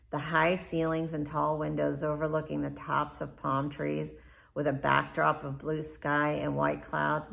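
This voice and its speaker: Female memoir narrator with a deep register and strong fry, candid and reflective. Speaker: memoir author. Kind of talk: first-person memoir narration.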